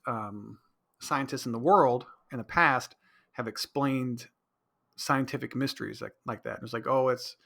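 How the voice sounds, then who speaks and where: A man's voice: medium pitch, sharp tone. A man hosting a casual solo podcast, rambling and correcting himself, with a slightly stuffy nose. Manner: rambling, self-interrupting, mimics others in raised voice. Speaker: podcast host.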